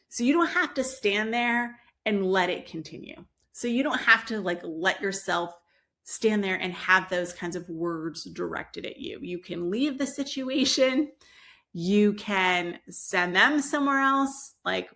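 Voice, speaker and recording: A woman giving parenting advice in a calm, explanatory solo talk, sometimes acting out what a parent might say. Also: medium pitch, a little slow. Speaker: parenting educator.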